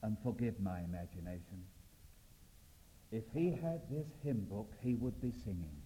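A male preacher giving an evangelistic sermon, swinging from loud exclamations to hushed, intimate appeals. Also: medium pitch, expressive, moderate pace. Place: church or meeting hall. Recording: reverberant, dull lo-fi hall recording.

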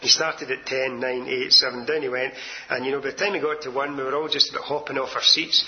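A man preaching a sermon with emphatic delivery, swinging from loud declarations to hushed asides. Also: mid-range voice, level tone, fast, lo-fi sound.

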